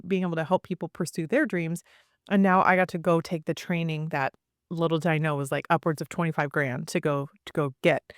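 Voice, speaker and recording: In a podcast interview, a guest of about forty with a lowish voice shares her story lively, in rapid bursts packed with asides, voicing the people she quotes. It's recorded in a clean studio with no room sound.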